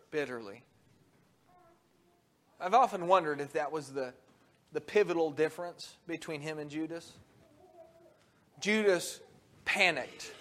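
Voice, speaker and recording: A man preaching a sermon, animated, his voice rising loud when he acts out quotes and dropping soft and low on solemn points, with halting restarts.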